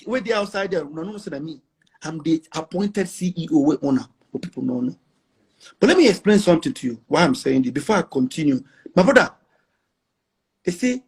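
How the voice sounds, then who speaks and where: This husky, high-sitting male voice belongs to a middle-aged Nigerian man speaking with a Nigerian accent. He's an interview guest in casual chat, bragging emphatically and mixing in pidgin.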